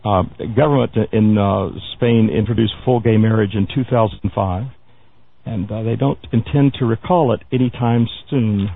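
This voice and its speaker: A man hosts a talk radio news segment in a rough, gravelly voice. He stumbles through fillers and restarts and throws in wry asides. The sound is thin and boxy, like a phone-line broadcast. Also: on the low side, steady tone, moderate pace. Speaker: radio show host.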